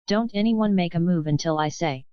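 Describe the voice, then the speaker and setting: A woman reading the part of a nervous male fire chief who yells in fright. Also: lowish voice, normal speed, clean tone, no room sound, lo-fi sound, lightly acted. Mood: grim. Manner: yelling, nervous.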